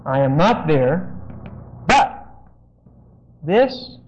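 A man's voice: fairly high pitch, very animated, drawn-out words, slightly rough. A man preaching an expository Bible lesson, explaining words and giving phrases for his listeners to write down. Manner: explanatory, dictates phrases for notes. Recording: dull lo-fi sermon recording.

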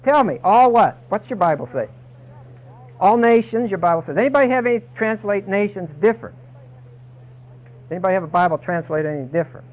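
A man's voice: high-pitched, lively intonation, a little fast, pauses often, muffled recording. A man preaching a sermon, emphatic and dramatic, voicing the people he quotes.

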